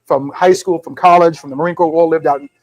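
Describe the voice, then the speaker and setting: A man's voice: fairly high pitch, fast talker, no room sound, low-quality recording. A middle-aged man, a whisky brand founder, telling stories at a live tasting in a liquor store and acting out the people in them. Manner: animated storyteller who acts out quoted dialogue. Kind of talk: casual storytelling at a live tasting.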